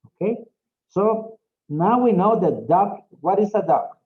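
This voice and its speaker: A man's voice: high voice, lively intonation, measured pace, phone-quality sound. A man teaching an English class over a video call, patient and encouraging. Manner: patient, encouraging, repeats okay often.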